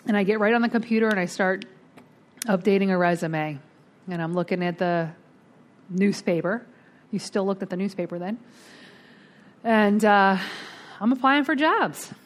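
A middle-aged woman telling her recovery story at a twelve-step meeting, candid and animated, acting out the voices of the people in it. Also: mid-range voice, moderate pace, pauses often.

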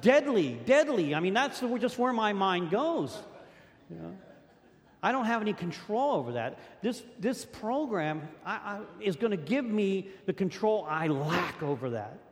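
A man's voice: high-pitched, lively intonation, unhurried. Man telling his story in a reverberant hall. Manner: rambling, repeats words, acts out quotes. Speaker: speaker at a recovery meeting. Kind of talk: personal story talk.

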